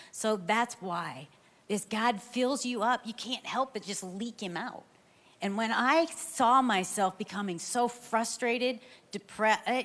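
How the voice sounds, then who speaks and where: A woman's voice: mid-range voice, a bit bright. Grandma talking faith, chatty and earnest, big hall echo on her voice. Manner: earnest and chatty, laughs easily. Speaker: pastor's wife, co-speaker. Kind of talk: conversational sermon. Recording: long hall reverb.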